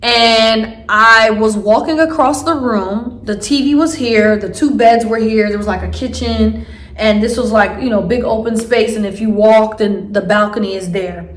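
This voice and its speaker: A woman's voice: a little high, steady tone, moderate pace, echoey room. A woman vlogger telling a story casually, rambling with many fillers and restarts.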